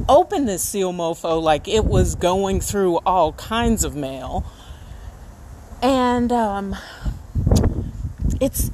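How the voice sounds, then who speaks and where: Animated chatty woman vlogging. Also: mid-range voice. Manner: chatty, self-deprecating, swings from hushed to excited. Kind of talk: casual video diary. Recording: faint background noise.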